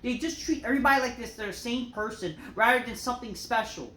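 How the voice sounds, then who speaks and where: A woman's voice: fairly high pitch, fast talker, a bit bright, a little hiss or hum. A woman ranting through a wrestling show review, exasperated and full of swearing. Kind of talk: solo review rant. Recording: roomy echo.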